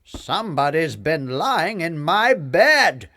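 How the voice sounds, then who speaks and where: A man voicing a big, gruff father bear in a storybook tale, booming and emphatic. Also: sing-song, slow pace, pushed and bright, exaggerated voice. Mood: grumbling.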